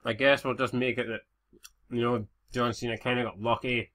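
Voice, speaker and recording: A man's voice: mid-range voice, little pitch movement, moderate pace, fairly bright tone. A man in his twenties with a Scottish accent, giving casual let's-play commentary full of sweary, laid-back banter. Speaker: game commentator.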